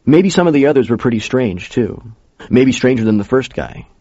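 A man's voice: medium pitch, animated, moderate pace, dark tone, no echo. A man narrating a first-person story in a casual, conversational way. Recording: dull lo-fi recording.

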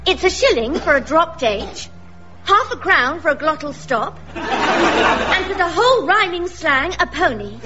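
A brassy fake-cockney wife. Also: female voice, extremely high pitch, expressive, a little slow, lo-fi sound, over loud music, a loud crowd. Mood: saucy. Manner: brassy, saucy, exaggerated. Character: genteel wife faking a brassy cockney street persona.

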